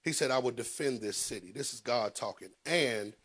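A man preaching a sermon, swinging between loud rises and low hushed asides. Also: fairly quick, slightly rough. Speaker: pastor.

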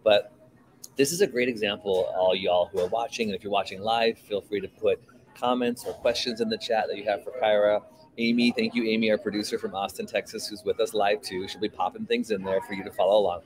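A man's voice: on the low side, steady tone, a little fast, poor audio. A man hosting a live podcast, talking in an upbeat, informal, chatty way from a coffee shop over a video call. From San Francisco Bay Area. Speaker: podcast host. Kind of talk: casual live podcast chat. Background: coffee shop crowd chatter.

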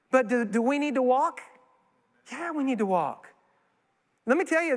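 A man preaching as a guest speaker, folksy and animated, telling stories and acting out quoted voices. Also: extremely high pitch. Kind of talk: sermon. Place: church sanctuary. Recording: long church hall reverb.

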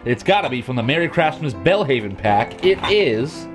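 A man giving let's play commentary while gaming, excitable and swearing, with sudden yelps and shouts. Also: medium pitch, moderate pace, music in the background. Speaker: gamer.

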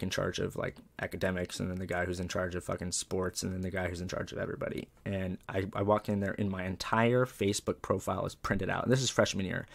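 Gravelly laid-back man telling stories. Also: sits low. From Southern California. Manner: laid-back, profane, heavy on "like" and "dude". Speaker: comedian guest. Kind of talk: casual comedic storytelling.

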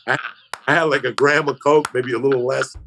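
A man's voice: medium pitch, fairly even intonation, fairly quick, a bit bright, slight background noise. A man telling a profane, rambling story on a podcast, acting out the other people's voices. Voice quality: gravelly, husky voice. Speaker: comedian guest telling a story.

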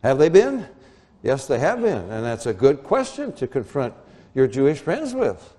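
Man, preacher, bible sermon, excitable, swooping lively pitch. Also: moderate pace. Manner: animated, rising to excited high exclamations.

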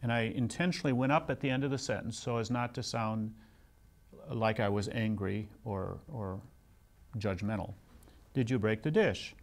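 A man's voice: on the low side, steady tone, moderate pace. An older man giving a seminary lecture in a conversational way, telling personal stories with self-deprecating humor. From United States.

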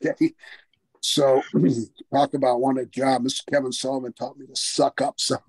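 A man's voice: medium pitch, little pitch movement, moderate pace, slightly rough, dry recording. An older man, a former wrestler, telling career stories in a casual interview, chatty and laughing often as he talks.

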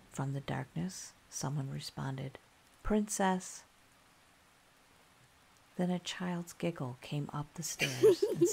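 A woman narrating a scary story in a calm, soft-spoken ASMR style. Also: a bass voice, gravelly, a little hiss or hum.

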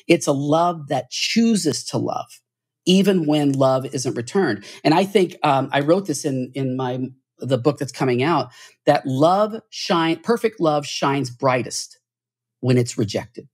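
A man with a husky voice talks as a podcast guest, earnest and preachy. He restarts his phrases often and climbs higher in pitch when a point moves him. His delivery is heartfelt and insistent. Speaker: podcast guest, church author. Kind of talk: podcast interview.

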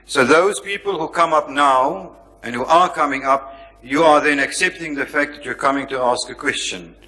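Firm insistent chairman, bright edge, echoey lecture hall. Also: on the high side, moderate pace. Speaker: event chairman. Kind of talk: chairing a public Q&A. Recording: long hall reverb.

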